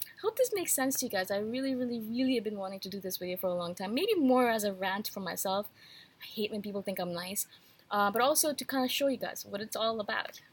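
Fast and animated, this medium-pitched woman has a breathy edge to her voice. A YouTube host who's a bit feverish, she rants casually to camera, frank, rambling and emphatic with her viewers.

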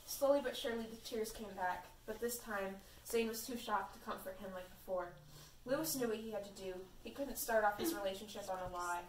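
A woman's voice: medium pitch, brisk, far from the mic. Young woman reading aloud from afar. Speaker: co-reader. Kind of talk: casual fan fiction read-aloud. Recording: echoey room from afar, faint noise.

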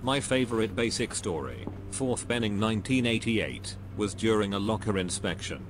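A man reading out anecdotes as a narrator, with an expressive storytelling delivery. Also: fairly low pitch, moderate pace, music in the background. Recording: steady hum under the voice.

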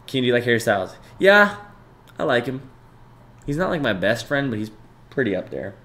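A man's voice: mid-range voice, brisk, a bit bright. A young man in his twenties chatting casually and profanely with his stream viewers, bantering loosely and reading chat aloud.

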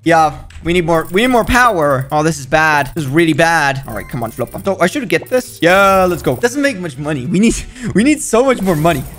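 A young man giving excited running commentary while he plays a video game, cheering and groaning at each kick and talking to his in-game pets. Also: a little high, fairly quick, hardly any pauses. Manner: hyped, jumpy, talks to the game and its pets. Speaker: gaming video creator. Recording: faint background music.

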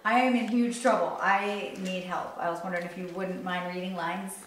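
A woman's voice: fairly low pitch, steady tone, normal speed. A woman running lines for a play in a comedy sketch outdoors, getting exasperated and laughing often.

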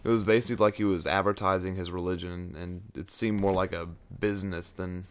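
A low-pitched young man rambles into a microphone held close to his face. His talk is loose and casual, wandering off topic and full of fillers, with a faint hiss of noise underneath. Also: steady tone, fairly quick. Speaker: gaming video creator. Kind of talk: casual chat over gameplay footage. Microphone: close mic right at his face.

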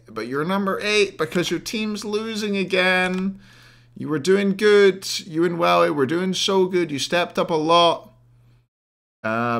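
His voice is a bit high, creaky, and slightly bright. He's a hungover young man ranking players on a laid-back live stream, ranting at chat and swearing plenty.

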